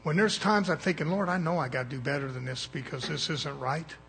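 A man's voice: a little high, brisk, gravelly, fairly bright tone, slightly rough. A man preaching a sermon in a folksy, blunt way, calling for amens from the congregation.

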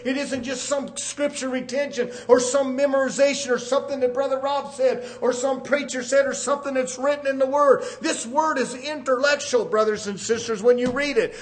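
A man preaching a fervent sermon, repeatedly calling out "brothers and sisters" and building to shouts. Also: extremely high pitch.

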